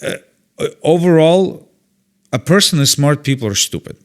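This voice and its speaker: A comedian guest with a slightly high, unhurried voice tells stories in casual conversation, blunt and opinionated. He animatedly acts out other people's lines and swears freely.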